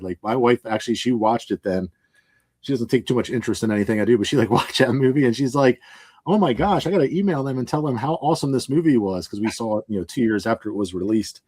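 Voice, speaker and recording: Fast-talking man telling a rambling story. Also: on the low side, dry recording. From Pennsylvania. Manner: rambling, animated, laughs often, acts out quotes. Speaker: moving company owner, guest. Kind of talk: casual storytelling in a podcast interview.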